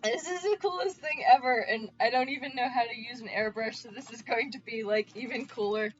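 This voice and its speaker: An excited woman streamer talks to her chat in a high-pitched voice, tripping over her words and piling up exclamations. The audio is a bit muffled, with faint music playing underneath. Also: brisk. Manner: excited, stammering, repeated exclamations. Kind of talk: live stream chat with viewers.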